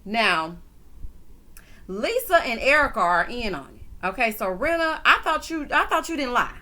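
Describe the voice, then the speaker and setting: Sassy female recap vlogger, bright and punchy tone, slightly high. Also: normal speed. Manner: sassy, animated, calls viewers honey and child. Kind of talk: casual reality-TV recap commentary.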